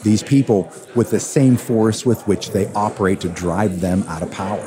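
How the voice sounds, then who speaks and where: A fired-up man with a low voice, telling a story in an interview with punchy emphasis. A crowd chatters steadily behind him, so the recording sounds like a busy event hall. He hosts a radio show and talks like a seasoned storyteller. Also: normal speed. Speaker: radio host and attorney, guest.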